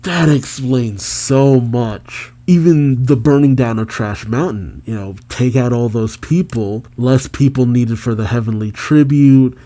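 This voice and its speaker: A man's voice: medium pitch, moderate pace, few pauses, warm tone. A man hosting a manga reaction video, reading passages aloud and then reacting to them with casual, musing asides.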